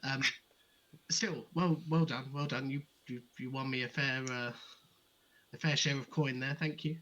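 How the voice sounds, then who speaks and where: A man's voice: medium pitch, steady tone, measured pace, fairly bright tone, lo-fi sound, lightly acted. An actor playing a fussy, polite nobleman who stammers and restarts his sentences. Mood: genteel. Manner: stammering, restarts, genteel phrasing.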